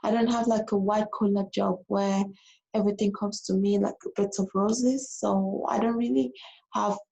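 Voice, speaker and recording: Gravelly, emotional woman telling a story. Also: medium pitch, normal speed, lo-fi sound. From abroad. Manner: animated, repeats herself. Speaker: vlogger. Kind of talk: casual storytelling vlog.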